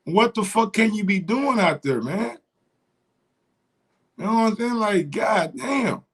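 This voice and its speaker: A man's voice: high voice, expressive, a little slow, breathy edge. Frustrated cursing livestream host, man. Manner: frustrated, profane, repeats himself. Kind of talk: casual livestream chat.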